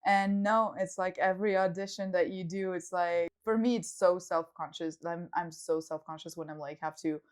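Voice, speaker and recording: A woman's voice: lowish voice, steady tone, normal speed, hardly any pauses, smooth. A woman from Belgium with an accent that mixes French, Russian and Australian, co-hosting a podcast in a giggly, self-deprecating casual chat. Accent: mixed French, Russian and Australian. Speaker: podcast co-host.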